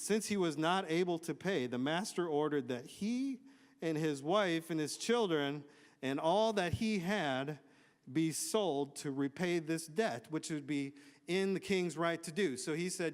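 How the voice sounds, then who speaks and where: A man's voice: on the high side, unhurried. A male pastor preaching a conversational sermon in a church, reading scripture with casual, joking asides. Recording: long hall reverb.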